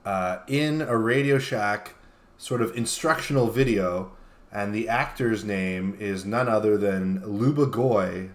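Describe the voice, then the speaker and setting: A man co-hosting a casual livestream chat, making dry deadpan jokes. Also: fairly low pitch, slow. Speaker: co-host.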